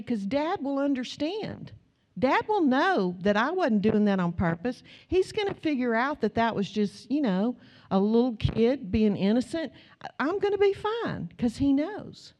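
An older woman, preaching a sermon and telling a lively story in which she acts out the voices of her family. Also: fairly high pitch, unhurried. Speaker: pastor.

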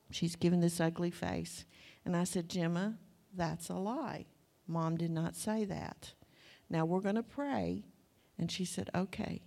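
A woman's voice: on the low side, darkish tone. An older woman with a Southern US accent giving a conversational Bible sermon, with folksy asides and family stories. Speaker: Bible teacher.

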